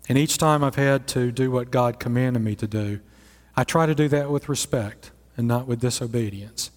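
A man in his sixties, a pastor preaching a sermon in a lively, conversational storytelling manner. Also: mid-range voice, normal speed. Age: 60s. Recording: echoey hall.

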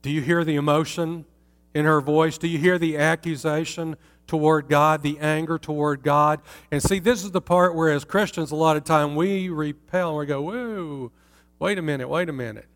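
A man's voice: fairly high pitch, little pitch movement, moderate pace. A man teaching from the Bible in a conversational way, putting rhetorical questions to his listeners. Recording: long reverb in a hall.

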